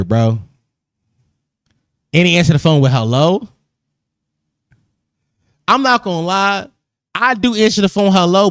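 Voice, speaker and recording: A man's voice: on the high side, dry recording, clean studio sound. A man hosting a podcast in casual chat, joking loosely, laughing often and repeating phrases. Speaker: podcast host.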